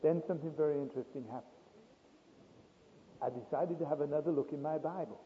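Man preaching a sermon, high lively voice, drops to a hush then booms, sounds tinny like a phone in a big echoey hall. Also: fairly quick, a little hiss or hum. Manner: dramatic, swinging between hushed and loud. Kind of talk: storytelling sermon.

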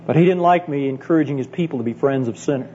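A man's voice: medium pitch, fast, warm tone. A middle-aged man, a Bible college teacher, giving an earnest, emphatic conference sermon full of personal stories and direct appeals to his listeners. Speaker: Bible college teacher speaking to church leaders. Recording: dull lo-fi tape with faint hum.

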